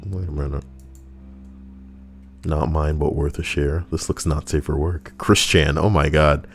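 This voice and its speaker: A man's voice: very deep voice, fairly even intonation, a little slow, faint music behind. A man hosting a livestream, reading posts aloud and riffing on them with crude, sarcastic commentary into a close desk mic. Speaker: livestream host.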